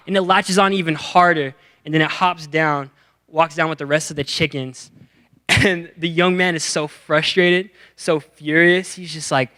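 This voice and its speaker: A young man giving a youth sermon, energetic and playful, acting out the characters in his stories with slang. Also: on the high side, normal speed. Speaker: youth pastor.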